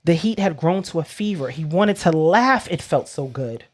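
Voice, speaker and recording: A woman co-hosting a podcast, casually recapping a book chapter with animated storytelling, slangy asides and playful swearing. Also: low voice, normal speed. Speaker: podcast co-host.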